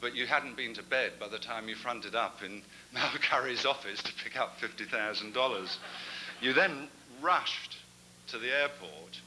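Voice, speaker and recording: A man's voice: mid-range voice, moderate pace, bright, forceful tone, a little hiss or hum, poor audio. A man giving an after-dinner talk as guest speaker, a chatty storyteller with self-deprecating asides. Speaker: guest speaker at a club gathering.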